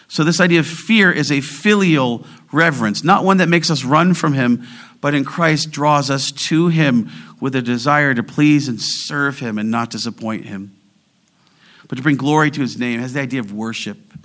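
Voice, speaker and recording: Preaching expository style, this male pastor has a medium-pitched, slightly bright voice. He punches key words with emphatic rises and takes the scripture readings slow and deliberate.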